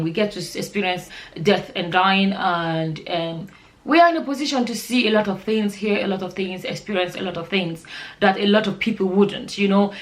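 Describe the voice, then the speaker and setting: A nurse who vlogs talks directly to her camera in a relaxed, sincere manner, her voice at a typical middle pitch. She meanders, using many fillers and starting sentences over.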